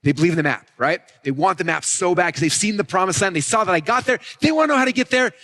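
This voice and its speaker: A man teaching a live marketing session, fast and energetic, often acting out customers' thoughts. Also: high-pitched. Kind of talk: live event teaching talk.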